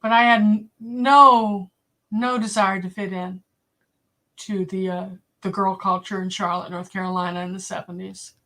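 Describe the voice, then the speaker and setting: A woman's voice: mid-range voice, moderate pace. A woman in her sixties with a Boston accent, casually telling blunt stories to a live chat as host and acting out the voices she quotes. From Boston area. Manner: blunt, animated storyteller, acts out quoted voices. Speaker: livestream host.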